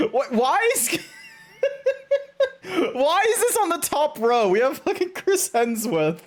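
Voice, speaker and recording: A man chatting casually to his stream chat as a game streamer, animated and joking. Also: very high voice, slow pace, pauses often, soft background music. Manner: animated, chatty, talks to chat, frequent laughs and restarts.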